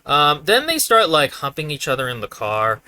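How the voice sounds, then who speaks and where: Podcast co-host making dry jokes, bright voice that moves around a lot, dead dry sound. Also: mid-range voice, sing-song, moderate pace, smooth. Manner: dry, joking asides. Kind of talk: casual book-roast chat.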